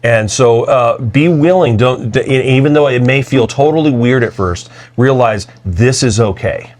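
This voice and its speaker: A man's voice: medium pitch, moderate pace. A man co-hosting a podcast, talking in an earnest, reflective way with frequent restarts. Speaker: podcast co-host. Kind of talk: casual conversational podcast talk.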